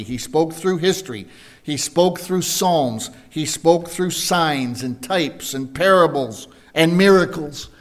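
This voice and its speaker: Slow-paced male Bible teacher. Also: a little high, a bit bright. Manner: slow, deliberate, asks the congregation questions. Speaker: preacher.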